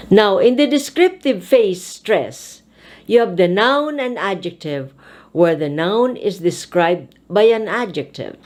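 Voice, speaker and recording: A woman hosting an English pronunciation lesson, speaking with slow, deliberate, emphatic enunciation as a speech teacher. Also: medium pitch, sing-song, a little mellow.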